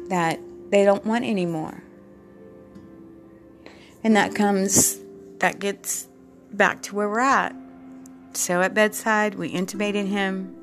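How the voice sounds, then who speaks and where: A woman, a respiratory therapist, telling a personal story in an earnest, halting way, often repeating herself. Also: mid-range voice.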